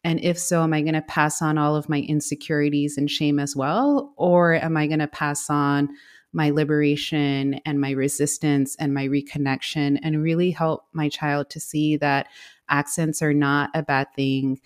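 Low-voiced woman, reflective guest. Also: flat delivery, normal speed. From United States. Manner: reflective, lots of fillers, laughs lightly. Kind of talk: conversational interview.

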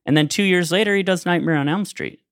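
A man's voice: sits high, fast talker, no room sound, clean studio sound. A man co-hosting a podcast, telling a rambling anecdote in casual chat and laughing as he goes. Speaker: podcast co-host.

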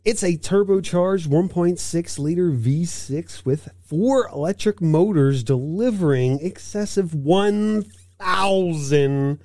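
A man's voice: sits high, takes it slowly, dark tone, dry recording, clean studio sound. A man co-hosting a casual car-news podcast, reading out news items and making playful asides. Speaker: podcast co-host.

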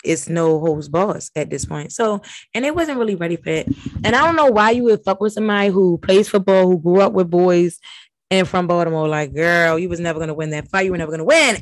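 A woman hosting a podcast, recapping reality TV in brash, profane, animated casual chat. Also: on the low side, dry recording. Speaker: podcast host.

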